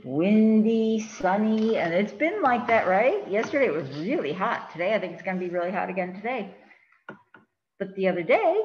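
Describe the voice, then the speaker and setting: A woman, a children's librarian, reading picture books aloud to kids and chatting as she handles the pages. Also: mid-range voice. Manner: chatty, sing-song, fussing with the book on camera. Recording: roomy, dull lo-fi with faint hiss.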